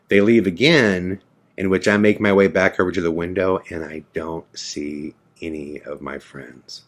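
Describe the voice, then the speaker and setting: A man's voice: deep voice, fairly even intonation, moderate pace. A man hosting a podcast, telling a frightening true story about himself in a vivid, dramatic first-person way. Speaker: podcast host.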